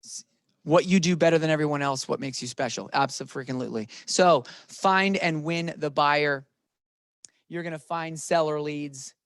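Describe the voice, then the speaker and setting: A man's voice: on the high side, moderate pace, dry recording, studio quality. A man leading a real estate training session, playful and emphatic, talking to the room and to viewers online.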